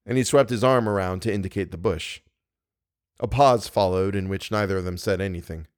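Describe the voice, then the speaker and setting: A man reading a horror story aloud in a measured, grave way. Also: low-pitched, no echo, studio quality. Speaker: podcast narrator. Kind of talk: scripted narration of a horror story.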